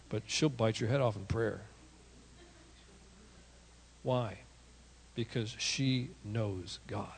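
In his medium-pitched voice, this pastor preaches with animation, dropping in self-deprecating asides and bursting into shouted prayers without warning.

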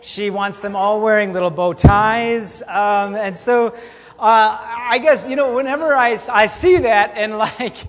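High-voiced casual man preaching. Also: steady tone, unhurried, soft background music. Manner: casual, chatty, bantering with the congregation. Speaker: pastor. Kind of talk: sermon. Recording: long hall reverb.

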